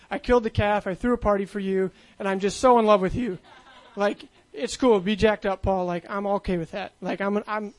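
High-voiced man preaching casually. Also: darkish tone, poor audio. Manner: casual, conversational preaching with many fillers. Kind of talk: sermon.

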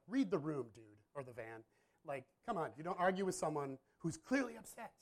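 A man in his thirties, a pastor, telling a personal story in a candid, self-deprecating, rambling way with frequent laughs. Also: mid-range voice. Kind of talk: casual storytelling.

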